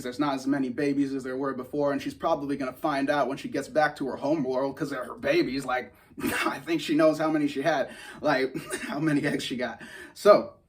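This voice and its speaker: A young man hosting a casual commentary show, rambling excitedly, laughing often and acting out scenes in loud bursts. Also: medium pitch. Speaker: host.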